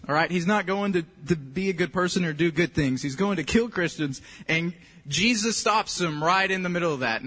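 Joking preacher in a reverberant hall. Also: male voice, high-pitched, fairly bright tone. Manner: joking, conversational preaching with frequent check-ins. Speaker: pastor. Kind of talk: sermon. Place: church hall.

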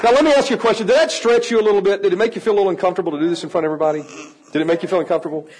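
A man teaching a room of adults how to work with children, energetic and playful, coaxing the audience to join in. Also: high voice, very fast, slight background noise, low-quality recording. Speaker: children's ministry trainer. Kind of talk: lively teaching talk to an audience.

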